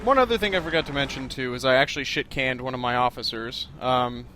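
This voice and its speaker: A man's voice: mid-range voice, fast talker, a crowd in the background. A man hosting a let's-play video, talking casually and rambling through his plans in a self-deprecating way. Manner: chatty, rambling and self-deprecating, with frequent fillers. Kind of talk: casual gameplay commentary.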